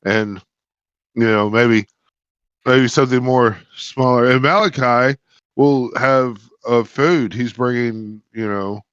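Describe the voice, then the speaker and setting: A man's voice: mid-range voice, takes it slowly, fairly bright tone, clear, resonant tone, dry recording, muffled recording. A man playing a tabletop game, talking in a casual, rambling way. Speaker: player. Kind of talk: tabletop role-play.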